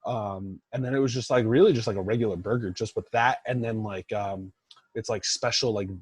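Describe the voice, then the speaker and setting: A man's voice: fairly low pitch, fairly quick, a little mellow, husky, dry recording. A young man co-hosting a podcast in casual chat, rambling with lots of fillers and "like"s. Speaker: podcast co-host.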